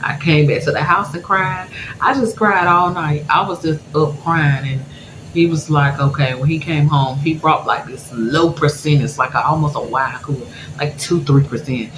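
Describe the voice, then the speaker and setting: A woman's voice: low voice, moderate pace. A woman vlogger telling her viewers a personal story in a candid, emotional way, laughing through sad memories. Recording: echoey room with background noise.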